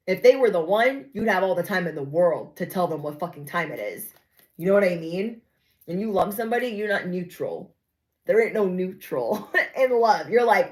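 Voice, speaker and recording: A woman's voice: fairly low pitch, expressive, normal speed, low-quality recording. A young adult woman giving a casual, sassy spoken reading to her viewers, often acting out the people she describes. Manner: chatty, sassy, acts out quoted voices. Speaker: tarot reader.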